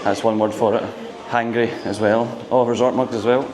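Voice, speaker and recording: A vlogger narrates his visit to a resort indoors, gushing excitedly and laughing often. His medium-pitched voice moves at a normal speed, with crowd noise in the background of this casual vlog.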